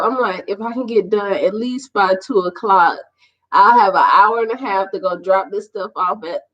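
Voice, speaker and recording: A woman, a podcast host and prophetess, telling a personal testimony in an emphatic, animated way and laughing through it. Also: medium pitch. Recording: muffled lo-fi audio.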